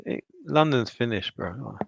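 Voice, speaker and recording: A man talks through news clips in a loose, offhand way, throwing in scornful asides. His voice is gravelly and sits in a middle pitch. The recording is dull and lo-fi, with a dry sound and no room echo. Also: lively intonation, unhurried. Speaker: teacher and news commentator. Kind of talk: casual online commentary.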